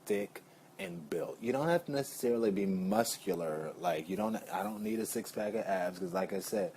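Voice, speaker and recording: A man's voice: deep voice, lively intonation, moderate pace, darkish tone, slight background noise. A man vlogging in a casual, rambling way, full of playful asides. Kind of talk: casual chat.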